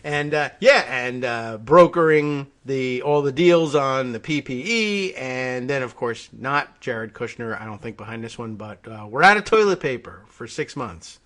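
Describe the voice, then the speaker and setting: A man's voice: mid-range voice, moderate pace, hardly any pauses, fairly bright tone. A man co-hosting a political talk show, chatting casually and often trailing off with short agreements. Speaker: co-host.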